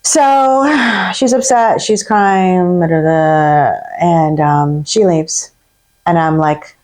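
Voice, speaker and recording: A woman's voice: fairly low pitch, takes it slowly. A woman, a hairstylist, telling a story about a difficult client in a candid, exasperated way. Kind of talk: storytelling to camera.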